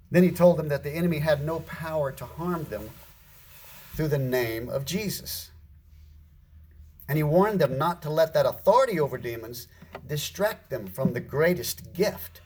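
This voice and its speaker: A man preaching a sermon, reading scripture aloud and explaining it earnestly, with slow emphasis on the quoted verses. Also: a little high, lively intonation, a little mellow, husky.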